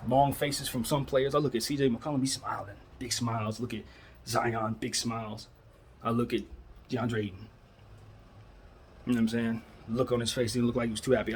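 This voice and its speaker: A man's voice: mid-range voice, slight background noise. A man in his thirties hosting a solo basketball talk show, giving casual, opinionated commentary full of rhetorical questions. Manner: repeats "that's how I'm looking at it" and "man".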